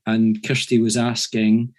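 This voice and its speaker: A man's voice: on the low side, completely flat delivery, measured pace. A man hosting a talk's Q&A, friendly and a bit hesitant, with light teasing. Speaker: event host moderating Q&A. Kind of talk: casual moderating.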